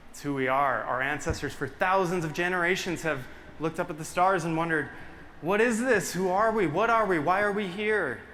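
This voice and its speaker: A young man, a photographer, telling an excited and emotional story to a live audience, getting choked up as he talks. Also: medium pitch. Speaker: photographer presenting his work. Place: large hall with a live audience. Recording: long hall reverb, faint room noise.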